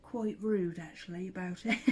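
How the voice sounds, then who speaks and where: A woman's voice: fairly low pitch, a little slow, a little mellow, slight background noise, low-quality recording. A middle-aged woman, telling family stories in a casual chat, laughing often and sometimes dropping to a whisper. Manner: chatty storyteller who laughs often and drifts into whispers. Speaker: vlogger and mother.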